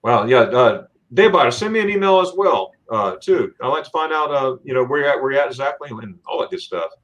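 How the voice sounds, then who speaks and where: This is a chatty man hosting a livestream and reading viewer comments aloud. He rambles and restarts his sentences with lots of fillers. His pitch sits in a middle range. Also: big pitch swings, fairly quick, fairly bright tone, highs cut off. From Florida. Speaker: livestream host.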